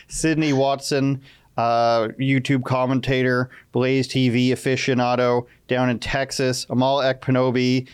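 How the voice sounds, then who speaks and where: A man's voice: mid-range voice, little pitch movement, measured pace, clear, resonant tone. A man hosting a podcast, chatting casually and teasing his guests, often laughing. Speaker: podcast host. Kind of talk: casual interview chat.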